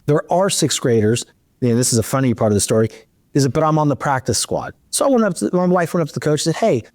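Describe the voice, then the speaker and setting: Animated storytelling man, dry sound. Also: fairly high pitch, quick pace, no room sound. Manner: animated, acts out dialogue in his storytelling. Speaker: podcast host. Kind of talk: storytelling in a casual interview.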